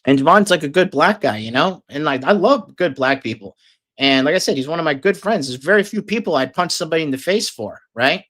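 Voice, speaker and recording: A man's voice: a little high, animated, brisk, a bit bright. A man telling a long, casual story, rambling and swearing heavily with lots of fillers. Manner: profane, rambling, filler-heavy.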